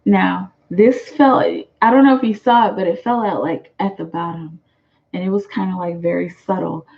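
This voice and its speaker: A woman's voice: medium pitch, moderate pace, vocal fry, highs cut off. An American woman giving chatty live tarot readings, reading viewer comments aloud and laughing often. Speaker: tarot reader.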